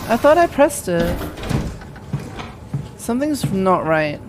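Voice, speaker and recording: A woman's voice: medium pitch, sing-song, slow, background noise. A woman streaming a game, chatting casually with viewers and laughing between lines. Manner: chatty, laughing, talks to chat. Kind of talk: casual livestream chat.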